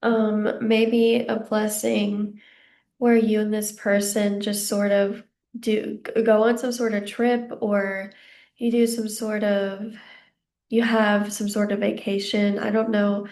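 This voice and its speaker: A young woman giving a casual psychic tarot reading, a little out of breath, gentle and reassuring as she rambles with fillers. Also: mid-range voice, little pitch movement, unhurried. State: slightly out of breath. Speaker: tarot card reader.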